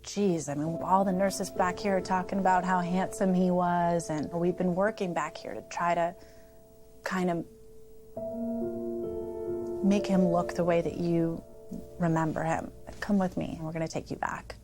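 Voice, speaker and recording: A woman's voice: lowish voice, steady tone, unhurried, music in the background. A woman recounting events as a friend in a documentary interview, acting out quoted dialogue.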